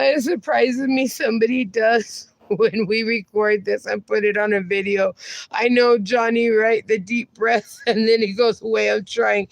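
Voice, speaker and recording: A woman with a high voice and a gravelly edge talks very slowly on a casual livestream, reading out viewer comments. She is caught in a laughing fit, breathless and giggling through every line. The sound is close and dry. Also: no room sound. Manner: breaks into constant helpless giggles, breathless. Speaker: livestream host.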